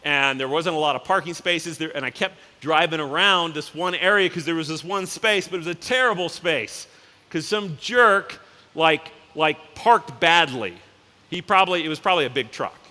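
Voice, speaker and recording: A company CEO, a man with a slightly high, bright, forceful voice, gives a casual conference keynote in a large hall. He tells anecdotes and acts out the characters in quick voices. The recording carries the reverberation of the hall.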